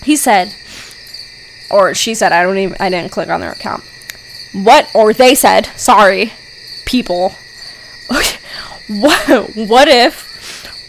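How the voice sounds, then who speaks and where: An excitable woman hosts her solo podcast, chatting casually and rambling between thoughts. Her voice sits at an ordinary middle pitch. She peppers nearly every sentence with the same mild swear word. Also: takes it slowly, long pauses, a little hiss or hum, low-quality recording. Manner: excitable, peppers speech with "freaking". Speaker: podcast host.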